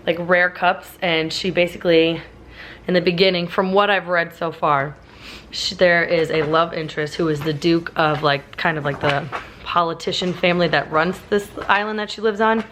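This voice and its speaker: A young woman vlogging about her reading, chatty and full of "like" fillers, her voice raspy from laryngitis and a sinus infection. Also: lowish voice, steady tone, moderate pace, a bit bright, slight background noise. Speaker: book vlogger. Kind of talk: casual reading vlog chat.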